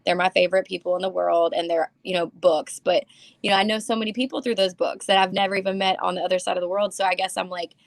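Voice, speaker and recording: A woman, a comic and writer, chatting casually as a guest, rambling and animated as she tells stories. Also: fairly low pitch, fast talker, creaky, no echo. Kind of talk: casual chat.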